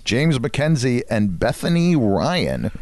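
A man co-hosting a casual podcast, chatty and quick to laugh, telling a story with asides. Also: mid-range voice, big pitch swings, darkish tone, dry recording. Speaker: podcast co-host. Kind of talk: casual chat.

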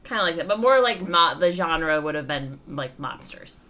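A woman's voice: low voice, expressive, moderate pace, pushed and bright. A woman in casual conversation, reviewing a comic with chatty, rambling talk and easy laughs. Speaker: podcast co-host reviewing comics. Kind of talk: casual chat.

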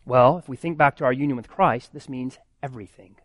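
A man's voice: medium pitch, brisk, no room sound. A man, a pastor, preaching a sermon earnestly, building emphasis with repeated phrases.

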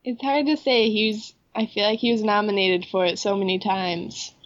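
A woman's voice: medium pitch, steady tone, moderate pace, muffled recording. A woman co-hosting a podcast in casual chat, upbeat and eager, with a head cold that makes her voice nasal. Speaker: podcast co-host.

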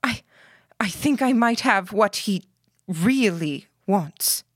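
A woman voicing a frightened young girl who stammers and rushes her words as she pleads. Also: medium pitch, expressive, dry recording, clean studio sound, pitched above the performer's own voice. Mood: shaky pleading.

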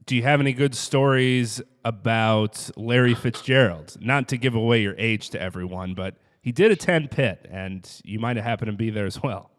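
A man hosting a podcast, asking measured, long questions. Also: mid-range voice, in a large hall. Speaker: podcast host. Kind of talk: interview questions.

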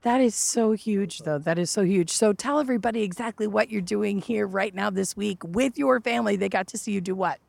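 A woman host talks with a heavy gravelly fry in a dry, close sound. She is enthusiastic and encouraging toward her guest. This is a casual interview chat recorded outdoors. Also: mid-range voice, fairly quick, few pauses, a little mellow, dry recording. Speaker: podcast host. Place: outdoors at a resort by a lake.

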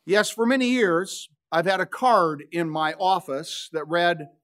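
A man in his sixties, a pastor preaching a sermon, telling the story with dramatic pauses and touches of humor. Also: high-pitched, fairly bright tone.

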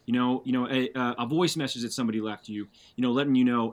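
A man speaking as a guest on a podcast, animated and loose, with plenty of swearing and fillers. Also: mid-range voice, fast talker, few pauses. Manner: animated, swears freely, frequent fillers and restarts. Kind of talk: casual podcast conversation.

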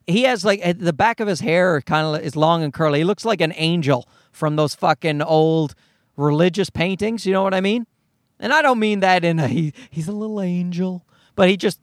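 A man's voice: high voice, no room sound, studio quality. A man, a father of a toddler, ranting in an exasperated, profane comedic monologue.

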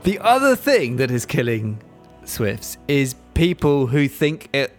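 A man co-hosting a casual podcast, dry and wry, slowing down to read out facts. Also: mid-range voice, big pitch swings, soft background music. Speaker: podcast co-host. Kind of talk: casual chat.

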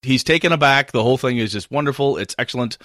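A man's voice: medium pitch, fast, noisy background. Wry game master man narrating.

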